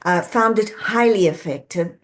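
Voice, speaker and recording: A middle-aged woman speaks as a guest on a podcast, a coach telling her stories in an animated way. She slips into the voices of the people she quotes and laughs easily, with her pitch sitting in an ordinary middle range. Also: normal speed. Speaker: executive coach and author, guest. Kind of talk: conversational podcast interview.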